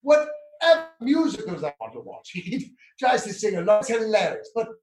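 A man's voice: high voice, big pitch swings, normal speed, reverberant. A man on a video call, talking in a prissy, theatrical and genteel way, as in a comic bit. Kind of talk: comic affected chat.

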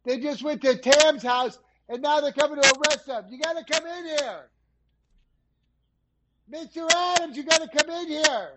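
A man's voice: very high-pitched, moderate pace, very noisy. A man on a comedy show, eager and stammering, repeating himself.

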